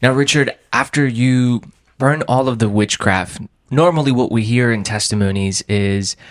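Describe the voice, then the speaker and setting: A man hosting an interview, asking measured follow-up questions about a guest's testimony. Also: mid-range voice, no room sound, studio quality. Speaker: interviewer host.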